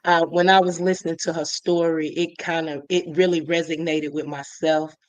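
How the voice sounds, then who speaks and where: A woman from Illinois giving a personal testimony in a halting way, full of fillers and restarts. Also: low voice, flat delivery, no room sound, muffled recording. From Illinois, USA. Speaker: guest.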